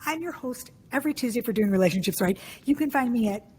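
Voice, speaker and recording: A woman's voice: fairly high pitch, animated, darkish tone, breathy edge. A woman around fifty hosting a podcast interview, effusive and chatty, heaping praise on her guest. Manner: effusive, gushing, quick and chatty. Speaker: podcast host.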